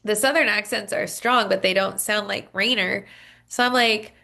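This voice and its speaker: A woman's voice: medium pitch, steady tone, moderate pace, gravelly, pushed and bright. Chatty woman podcast co-host. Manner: chatty storytelling with many fillers. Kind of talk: casual chat.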